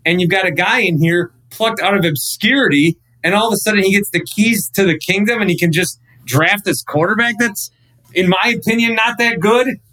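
A man in his thirties, a radio host guesting on a podcast, chatting casually and telling animated, rambling stories full of restarts. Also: high-pitched, normal speed, poor audio.

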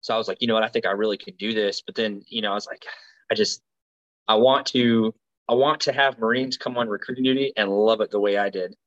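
Low-voiced guy from alabama, thirties, rambly with lots of ums, kinda muffled lo-fi sound. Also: steady tone, fast talker, fairly bright tone. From Alabama, USA. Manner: rambling, frequent fillers and restarts. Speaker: guest, Marine recruiter. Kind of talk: casual interview storytelling.

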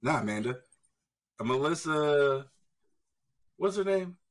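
A man co-hosting a podcast, telling stories in casual chat, animated and swearing freely, jumping up in pitch when he quotes people. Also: slow pace, poor audio. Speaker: podcast co-host.

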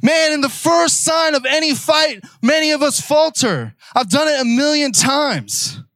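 Young male preacher, very high voice, dry close sound, fervent, shouts then slangy asides. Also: animated, unhurried, no echo. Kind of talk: energetic sermon.

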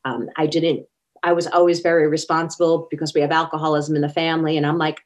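This woman talks quickly in a low, flat delivery, and the recording is muffled. Appearing as an interview guest, she relates personal stories with earnestness, dramatizing whatever she quotes.

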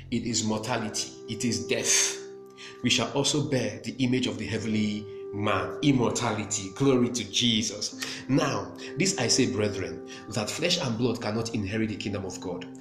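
A man preaching a sermon with emphasis, repeating phrases and breaking into praise. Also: mid-range voice. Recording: echoey room with music behind.

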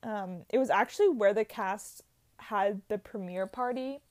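A woman's voice: medium pitch, unhurried, a little mellow. A young woman chatting casually and gushing, full of "like" and "um". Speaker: vlogger. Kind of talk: casual chat.

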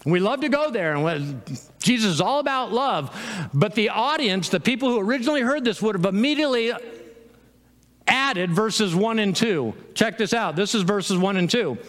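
A man preaching a sermon as pastor, animated, with laughs and quick quoted asides. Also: sits high, long reverb tail.

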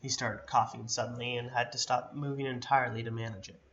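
Bright-voiced man reading a story. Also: mid-range voice, level tone, fast talker, lo-fi sound, slight background noise. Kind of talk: reading a fantasy story aloud.

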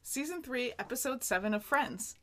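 A woman's voice: a little high, animated, moderate pace. A woman in her thirties co-hosting a podcast, chatting casually and laughing often. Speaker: podcast co-host. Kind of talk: casual chat.

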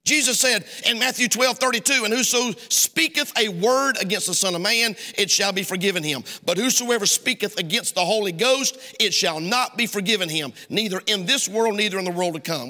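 A man's voice: high voice, a little fast, few pauses, bright, forceful tone, long reverb tail. A man preaching a sermon as pastor, telling a folksy story and acting out both sides of a conversation. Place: church sanctuary.

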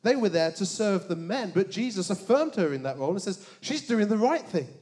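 Animated preacher man, fairly high voice. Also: brisk. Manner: animated, joking asides, dramatic hushed emphasis. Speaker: pastor. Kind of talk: sermon.

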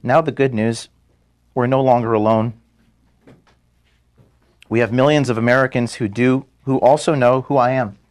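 An emotional man in a halting farewell. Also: mid-range voice, steady tone. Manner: halting, earnest, stops to apologize. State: emotional, close to tears. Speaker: organization founder giving a farewell speech to staff. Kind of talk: personal farewell address filmed for staff. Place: office room at headquarters.

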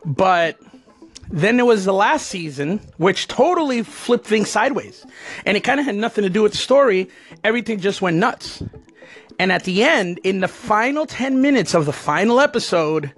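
High-voiced man rambling through a story. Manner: rambling, digressive. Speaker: former alligator wrestler. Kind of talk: casual personal storytelling.

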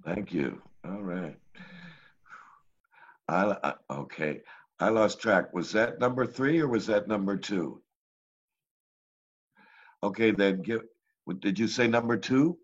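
A man with a very low voice hosts an online poetry reading, gently introducing readers. He speaks softly and a little hesitantly. The audio is dull and lo-fi. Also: lively intonation, slow pace, long pauses, breathy edge. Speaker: open mic host. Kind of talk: casual hosting.

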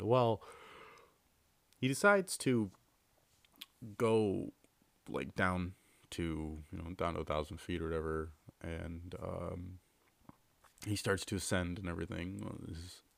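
A man's voice: low voice, creaky, dry recording. A man hosting a podcast, casually telling a long story with lots of fillers and restarts. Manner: rambling, filler-heavy, repeats himself. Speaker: podcast host.

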